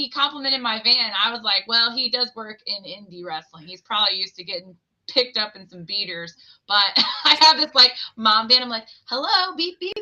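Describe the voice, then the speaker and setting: Woman guest and former radio host. Rambling, bubbly storyteller, very bright tone, dull audio. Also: fairly high pitch. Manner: bubbly, rambling storyteller who laughs often. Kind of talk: casual interview chat. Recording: muffled lo-fi audio.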